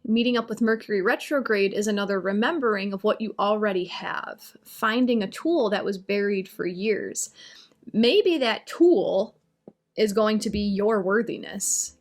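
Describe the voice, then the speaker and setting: A woman's voice: medium pitch, animated, a little slow. A woman on a live stream talking about astrology and answering viewer comments in a chatty, reassuring way. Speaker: astrology and oracle reader.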